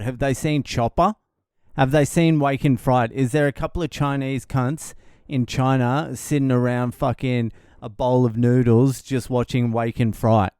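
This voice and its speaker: Sardonic man, smooth dry voice. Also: mid-range voice, a little mellow, no echo. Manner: profane, rambling and sardonic; laughs at his own jokes. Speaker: podcast host. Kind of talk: casual monologue podcast.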